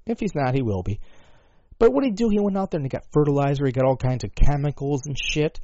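A man delivering a rambling, profane comedic rant at home, swinging between loud outbursts and low mutters. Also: lively intonation, fast, dry recording. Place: at home with a dog. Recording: dull lo-fi dry sound.

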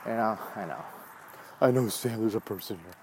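A man's voice: on the low side, moderate pace, a little mellow, slight background noise. A man in his forties hosting his own show, talking in a rambling, profane casual monologue while walking a dog. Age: 40s. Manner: rambling, profane, wanders off track. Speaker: show host.

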